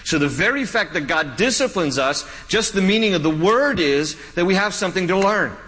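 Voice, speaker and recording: A man's voice: sits high, animated, moderate pace, bright, forceful tone, long reverb tail, low-quality recording. A man preaching a sermon as pastor, folksy and joking, often restarting his sentences.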